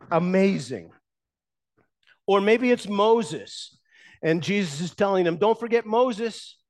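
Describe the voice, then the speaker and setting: A pastor preaching in a fairly high voice, retelling old stories from the pulpit. He swings between raised emphasis and hushed, quiet lines as he builds his points. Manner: storytelling, shifting between loud and hushed. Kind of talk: sermon.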